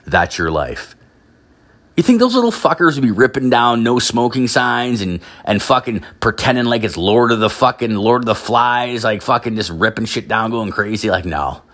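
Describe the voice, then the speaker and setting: A man's voice: mid-range voice, animated, normal speed, a bit bright. A man ranting casually, rambling with constant filler words and heavy swearing. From Canada. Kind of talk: profane casual rant.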